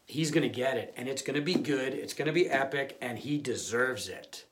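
A man's voice: mid-range voice, normal speed, hardly any pauses. A male pastor giving a conversational sermon, often restarting and repeating words.

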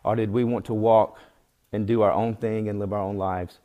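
A man's voice: lowish voice, level tone, moderate pace, dark tone. A man teaching through scripture in a sermon, reading verses aloud and telling folksy illustrations with earnest emphasis. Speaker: Bible teacher.

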